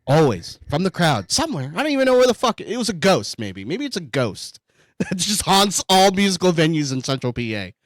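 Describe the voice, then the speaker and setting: A man co-hosting a podcast in casual banter, animated, laughing often and swearing a lot. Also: a little high, a little fast, no echo. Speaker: podcast co-host.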